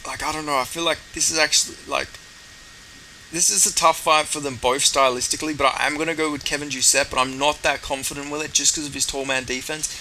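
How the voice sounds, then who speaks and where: A man's voice: fairly high pitch, fairly even intonation, quick pace, sharp tone, slight background noise, rough recording. A man giving casual fight predictions in a rambling way, swearing often. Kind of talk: casual chat.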